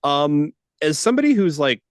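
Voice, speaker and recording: A man's voice: a little high, big pitch swings, normal speed, no room sound, studio quality. A man from Minnesota, a student asking a question on a video call, casual with lots of fillers. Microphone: desk microphone.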